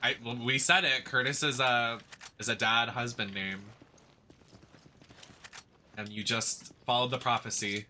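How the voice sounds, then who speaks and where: Male streamer, casual gossipy gameplay commentary, sharp bright voice, light background noise. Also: mid-range voice, fairly even intonation, unhurried, long pauses. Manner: gossipy, chatty, swears freely. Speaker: gaming streamer.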